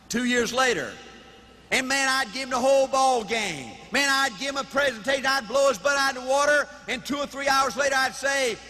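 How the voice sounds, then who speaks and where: A man giving a live motivational speech in an animated, folksy way, with punchy repetition and shouting. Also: very high voice. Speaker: motivational speaker. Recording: reverberant hall, faint noise.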